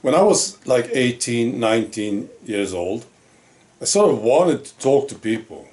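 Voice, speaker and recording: Slow, musing male vlogger. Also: medium pitch, lively intonation, a little mellow. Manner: musing, full of rhetorical questions. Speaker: channel host. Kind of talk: reflective monologue to camera.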